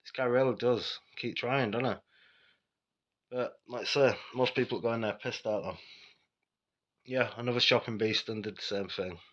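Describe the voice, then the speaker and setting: A man's voice: medium pitch, steady tone, normal speed, pauses often, fairly bright tone, muffled recording. A Yorkshire man telling his own stories in a rambling, sweary, blunt way, often turning asides to the listener. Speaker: vlogger telling personal stories. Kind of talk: casual storytelling monologue.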